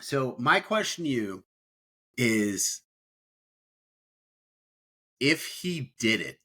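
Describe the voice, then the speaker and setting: A man's voice: mid-range voice, very animated, drawn-out words, sharp tone, slightly rough. A man co-hosting a podcast in casual chat, rambling and repeating words as he talks. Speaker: podcast co-host.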